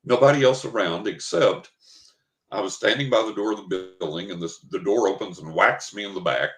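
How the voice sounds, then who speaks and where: Speaking fairly quickly in a lowish, fairly bright voice, this older man from West Texas is an interview guest. He is a dramatic, vivid storyteller who acts out his own thoughts, and the recording sounds roomy and echoey.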